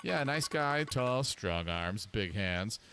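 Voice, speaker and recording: A man's voice: lowish voice, expressive, takes it slowly, pushed and bright, a little hiss or hum, heavily acted. A gossipy neighbor lady who rambles on and talks over everyone, read aloud by a man. Her lines come in a loose, casual reading of game dialogue. She never seems to run out of things to say. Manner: rambling, gossipy, cuts people off. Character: chatty, nosy woman neighbor in wine country.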